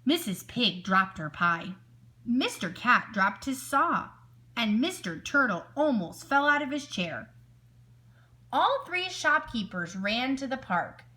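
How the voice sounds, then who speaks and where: A woman teacher reading a children's picture book aloud, expressive and stopping to ask her listeners questions. Her voice is bright and clear, and her pitch rises and falls with lively swings. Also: slow.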